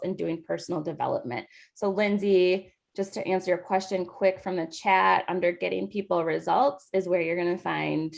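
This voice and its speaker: A woman's voice: on the low side, gravelly, darkish tone. A woman coaching new team members on a video call, talking in a chatty way with many fillers. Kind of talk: casual training talk over a video call.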